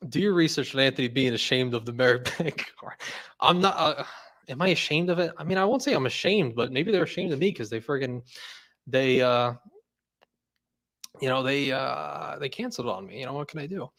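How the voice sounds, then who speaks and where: A man's voice: medium pitch, a little fast, a bit bright. A young man hosting a casual livestream, who rambles, laughs often and leans on "like" fillers. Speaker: host.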